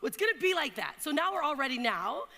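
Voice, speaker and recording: A woman with a high, gravelly voice speaks in a live talk, telling stories and asking the crowd questions. Her tone is bright and a little sharp, and the long reverb of a hall trails each phrase. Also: quick pace. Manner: animated storyteller, asks the crowd questions. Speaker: keynote speaker. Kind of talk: motivational talk to an audience. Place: event hall in London.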